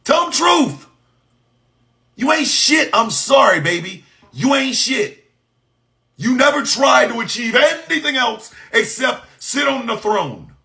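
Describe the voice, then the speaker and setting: A man delivering an impassioned, profane monologue, shouting in bursts and firing off mocking rhetorical questions. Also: extremely high pitch, lively intonation, slow pace, gravelly.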